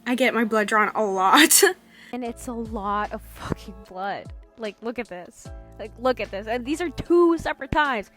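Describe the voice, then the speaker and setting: A woman's voice: on the high side, animated. Candid young woman vlogging, music behind. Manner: candid, halting, with frequent fillers and soft laughs. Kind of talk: personal vlog about chronic illness.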